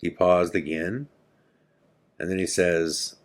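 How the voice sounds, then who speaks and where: A man hosting a podcast, telling a story in a casual, halting way, full of fillers and repeated words. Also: low voice, fairly even intonation. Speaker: podcast host.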